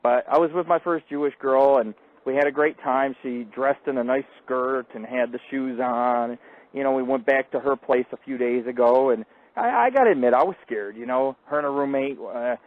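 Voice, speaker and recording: A man hosting a live call-in radio show, telling crude, boastful stories full of profanity and swinging from loud outbursts to low mutters. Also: normal speed, no echo. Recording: tinny phone-like line.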